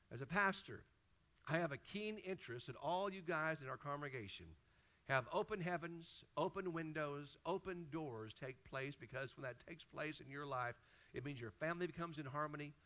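Pastor type, a man preaching from the pulpit: fairly high, bright and forceful voice, repeats phrases for emphasis, dull lo-fi sermon tape. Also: expressive, moderate pace. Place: church pulpit.

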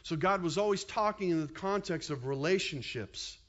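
Animated high-voiced male pastor preaching. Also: normal speed, lo-fi sound. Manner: animated, conversational preaching with asides. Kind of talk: sermon.

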